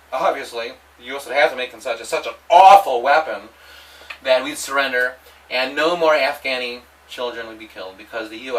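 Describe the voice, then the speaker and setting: A man delivering a rambling, provocative monologue, halting often and restarting his sentences. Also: mid-range voice, fairly bright tone, distant mic, slight background noise, rough recording. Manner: halting, with many restarts and repetitions. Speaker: vlogger.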